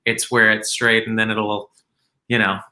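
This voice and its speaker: Bright-voiced man, rambling and chatty. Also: on the low side, little pitch movement, unhurried, poor audio. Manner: rambling, self-deprecating, lots of fillers. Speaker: guest performer. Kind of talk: casual video-call interview.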